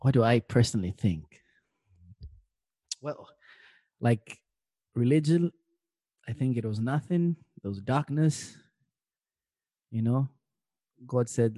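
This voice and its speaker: A man's voice: mid-range voice, takes it slowly, pauses often, no echo. A young man co-hosting a podcast, joking around and telling stories in slangy casual talk. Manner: joking, animated storytelling with slang. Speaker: podcast co-host. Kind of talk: casual chat.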